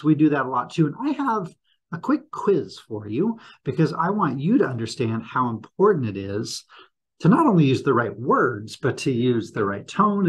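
A husky man speaks to students over the school announcements, posing quiz questions and walking through the answers. His voice is slightly rough, and his pitch sits in an ordinary middle range. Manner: upbeat, quizzing the audience with questions. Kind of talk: morning announcement lesson for students.

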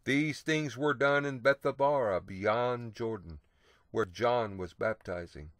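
Recorded clean in a studio with no room sound, this mid-pitched man is a radio Bible teacher. His scripture reading is slow and emphatic on the old-fashioned wording, and he keeps interjecting hallelujahs and rhetorical "see?" questions.

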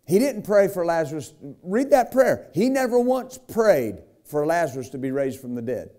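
A man's voice: on the high side, sing-song, normal speed, warm tone. A man preaching a sermon as pastor, retelling a scripture story with acted quotes and emphatic asides to the congregation. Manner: emphatic, frequent "right?" and "amen?".

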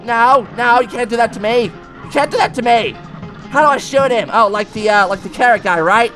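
A man voicing an excitable male cat, commenting on a game, yelping and talking back to the bosses. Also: very high voice, moderate pace, faint music behind. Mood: excited. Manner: yelps and screams, talks to the bosses. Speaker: let's play gamer.

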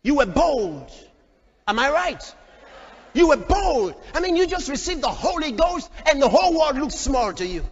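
High, lively male preacher, fiery. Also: moderate pace. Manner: fiery and dramatic, acting out voices and shouting. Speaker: pastor. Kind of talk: sermon. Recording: echoey hall, dull lo-fi sound.

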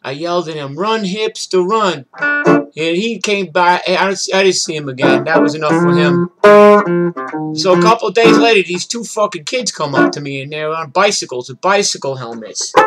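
Gruff new guy in his 60s, fairly high voice, swearing thru a boardwalk story, loud guitar playing behind him. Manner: gruff, profane, streetwise storytelling. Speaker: show host and musician. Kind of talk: rambling spoken-word storytelling over guitar.

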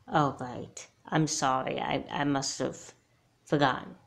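A woman voicing a remorseful adult woman kidnapper in a homemade doll movie, speaking softly and hesitantly. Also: extremely low pitch, fairly even intonation, slow, creaky, full character voice. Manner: soft, hesitant, apologetic.

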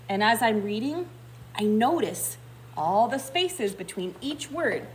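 A woman kindergarten teacher reading a picture book aloud, pausing to explain in a gentle, thinking-aloud way. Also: fairly high pitch, very animated.

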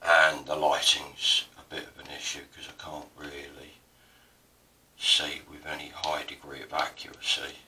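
A man's voice: rumbling low, completely flat delivery, measured pace, pushed and bright, recorded from a distance, a little hiss or hum. A man with an Essex accent, chatting casually and rambling while he demonstrates printmaking, self-deprecating and prone to digressions. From Essex, South East England. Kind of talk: casual tutorial narration.

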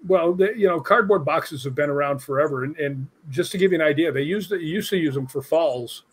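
A middle-aged man from Chicago, a stuntman guest, telling animated stories in a casual interview. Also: on the high side, brisk, slight background noise. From Chicago, USA. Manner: animated anecdotes with acted-out quotes.

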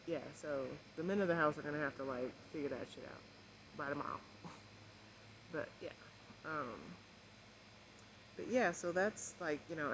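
A stressed, emotional woman vlogging at home, rambling softly with many fillers and keeping her voice low. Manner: rambling, many fillers, kept deliberately quiet. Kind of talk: casual rambling vlog chat. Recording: noisy home recording.

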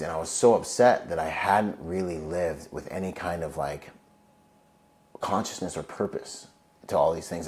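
Deep voiced guy, marine vet, laid back and slangy, lots of likes and yos. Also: a little mellow. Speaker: interview guest, Marine veteran. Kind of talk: casual storytelling.

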